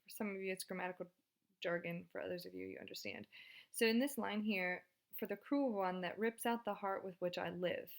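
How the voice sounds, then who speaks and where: A woman's voice: mid-range voice, lively intonation, fairly quick. A woman teaching a Spanish grammar video lesson in a casual, chatty and encouraging way.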